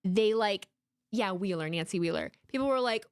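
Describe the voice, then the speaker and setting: Animated woman in her thirties, dry sound. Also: medium pitch, normal speed, no room sound. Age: 30s. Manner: animated, emotional, swears freely, rambling restarts. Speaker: streamer hosting a live watchalong. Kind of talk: casual live-stream chat.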